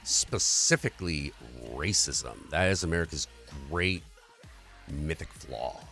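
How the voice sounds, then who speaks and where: Profane low-voiced man ranting casually. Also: lively intonation, slow, sharp tone, faint music behind. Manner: profane, rambling, earnest. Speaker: livestream host. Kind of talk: casual political rant.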